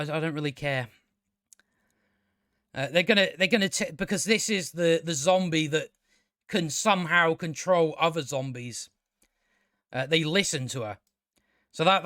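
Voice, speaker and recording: A man talks through a casual review in a ranting, exasperated way and swears freely. His voice sits fairly high for a man. The sound is dry and close, with no room echo. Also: pushed and bright. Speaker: show reviewer.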